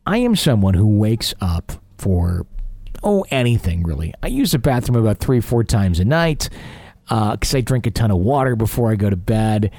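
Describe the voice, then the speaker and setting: A man's voice: lowish voice, big pitch swings, moderate pace, dark tone, dry recording. Chatty man hosting call-in radio. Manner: rambling, chatty, self-deprecating. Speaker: radio show host. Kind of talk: paranormal call-in talk radio.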